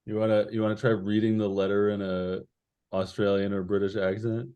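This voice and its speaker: A man's voice: on the low side, level tone, a little fast, clean tone, dull audio. A man running an online tabletop game as game master, narrating with many fillers and reading letters aloud. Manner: hesitant, many fillers, puts on voices for letters.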